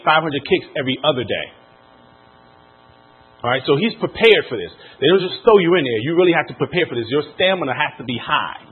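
A man giving a motivational talk to a live audience, telling a story with animated, pushing emphasis. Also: fairly high pitch, slightly rough. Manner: animated storytelling, rising and pushing on key points. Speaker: motivational speaker. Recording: tinny phone-like sound.

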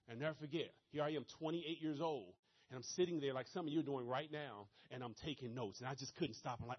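A man with a Maryland accent giving a fast-talking, energetic motivational seminar talk straight to his audience. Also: fairly high pitch, slightly rough, highs cut off. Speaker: motivational speaker at a business presentation.

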